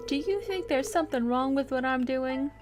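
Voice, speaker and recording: A woman voicing a scruffy old man who lives rough in a video game, gruff and then gently pleading. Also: high voice, moderate pace, music in the background, voice pushed up, natural voice. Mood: earnest. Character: scruffy old male wild-living camper.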